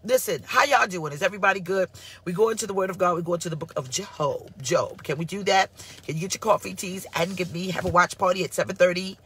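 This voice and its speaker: A woman pastor giving a casual live-streamed sermon, sassy and animated as she answers her online viewers. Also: lowish voice, fast, slight background noise. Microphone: phone or computer mic for live stream.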